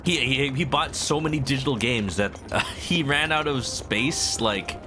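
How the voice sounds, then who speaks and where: A man's voice: mid-range voice, measured pace. A man streaming a video game, rambling casually to his chat and humming along as he plays. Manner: rambling, talks to chat while playing, hums. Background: video game music.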